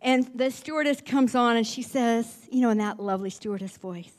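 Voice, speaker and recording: Animated woman telling a church testimony. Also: fairly high pitch. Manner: animated storytelling, reads scripture slowly. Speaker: church speaker sharing a testimony.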